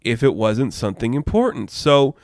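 A man's voice: medium pitch, sing-song, normal speed, a little mellow, dry recording, clean studio sound. A man giving casual, opinionated comic book news commentary, rambling a little and laughing often. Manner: rambling asides. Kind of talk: casual pop-culture commentary.

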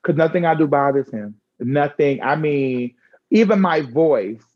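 Frank, expressive woman, slightly dull recording. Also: low voice, unhurried. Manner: frank and expressive, slangy asides. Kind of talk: candid conversational chat.

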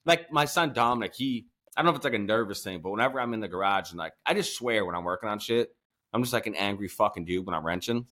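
Podcast host, middle-aged man: low voice that swings a lot, foul-mouthed and laughing. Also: animated, fast talker, pushed and bright. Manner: profane, laughing, storytelling. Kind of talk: casual chat.

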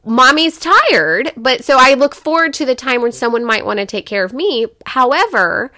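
A woman's voice on the high side comes across animated, brisk, and sharp-toned in a dry, studio-quality recording. She's an adult parent sharing a personal story in a frank, casual podcast conversation, full of swearing and filler words like "like" and "you know."

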